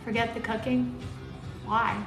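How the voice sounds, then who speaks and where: A woman's voice: fairly high pitch, little pitch movement, a little slow. A woman from Arizona and Maui chatting casually and flirtatiously as she cooks on a live stream, greeting viewers by name. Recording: echoey room with loud background music.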